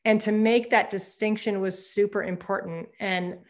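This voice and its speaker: A woman's voice: mid-range voice, steady tone, normal speed. A woman in her fifties, a psychotherapist guest talking candidly in a conversational interview and laughing often. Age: 50s.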